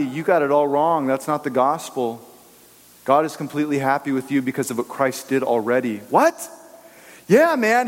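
A man's voice: high voice, in a large hall. A male preacher giving a conversational, emphatic sermon who acts out the voices he quotes.

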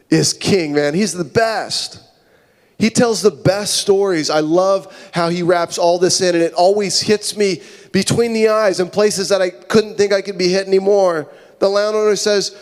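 A man preaching a sermon as pastor, retelling a parable with lively acted voices for the characters. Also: high voice, a little slow. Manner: animated storytelling, acting out characters' voices. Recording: long hall reverb.

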